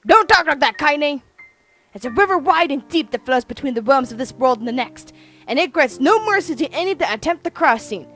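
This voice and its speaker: A woman voicing a vulgar, fiercely protective old grandmother who scolds bluntly and loudly. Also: high voice, animated, brisk, faint music behind. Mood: stern.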